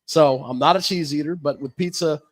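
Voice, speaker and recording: A man's voice: a little high, fairly quick, no echo. A man, a football head coach, chatting casually on a live show, easygoing and laughing often, tired, trailing off with fillers.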